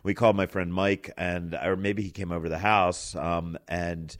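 A man's voice: sits low, moderate pace. A man hosting, telling a casual story and acting out the quoted voices. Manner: animated, acts out quoted voices. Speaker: host.

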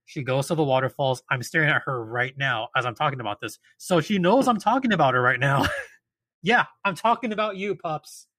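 A man casually telling an animated, exasperated story as a podcast host. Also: a little high, a little fast, no echo.

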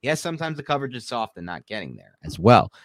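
A man hosting a casual sports talk show, opinionated and animated, laughing now and then mid-sentence. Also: mid-range voice, fast talker, dry recording. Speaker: sports podcast host.

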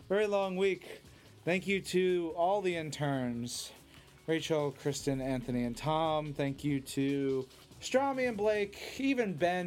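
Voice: medium pitch, a little mellow. A podcast host in casual chat, reading listener tweets aloud and riffing on them, laughing easily. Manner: chatty, laughs easily, riffs on questions.

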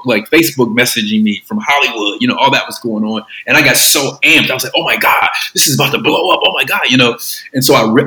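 Male creative guest: bright tone, loose rambling delivery, roomy echo. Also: medium pitch. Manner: rambling, with many fillers and restarts. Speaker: filmmaker guest. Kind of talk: casual interview talk.

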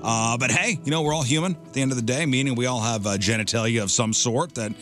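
A man's voice: mid-range voice, fast, music in the background. A man hosting a radio show, reading a segment aloud with laughing asides in casual banter.

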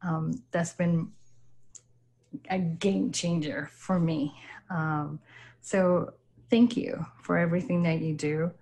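A woman listener sending a recorded message, hesitant and apologetic, with many pauses. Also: fairly low pitch, steady tone, darkish tone.

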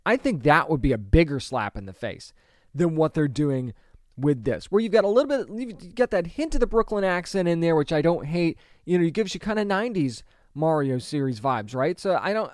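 A man's voice: fairly high pitch, darkish tone, no room sound, clean studio sound. A man in his thirties or forties giving opinionated solo commentary, emphatic and conversational, with lots of rhetorical questions. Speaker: pop culture commentator.

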